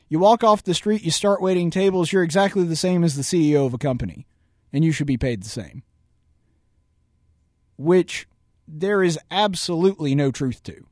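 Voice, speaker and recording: A man's voice: on the high side, darkish tone, no echo, studio quality. A man with a Southern US accent, hosting a radio show and arguing point by point against a video clip. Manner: argumentative, repeats words for emphasis. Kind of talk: political commentary reacting to a video.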